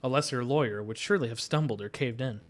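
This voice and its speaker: A man's voice: medium pitch, fast, close to an everyday voice. Man voicing a suave fox investigator. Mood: gracious.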